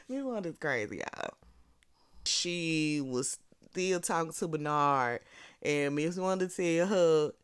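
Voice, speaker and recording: Southern Alabama accent, sassy slangy recap commentary, smooth clear voice, dry close sound. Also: medium pitch, takes it slowly, pauses often, no echo. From Birmingham, Alabama. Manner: animated and sassy, laughing often, slangy. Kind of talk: casual commentary.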